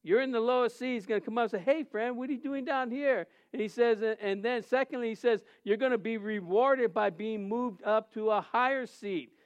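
A man's voice: extremely high pitch, moderate pace, few pauses, clean tone, highs cut off. A man who is a pastor, preaching a sermon and telling a funny personal story, acting out the dialogue and laughing often.

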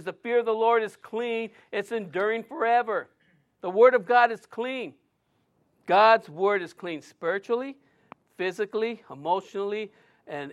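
This is a male pastor delivering a sermon with a noticeably high voice. He preaches emphatically, stacking short phrases one after another to drive each point home.

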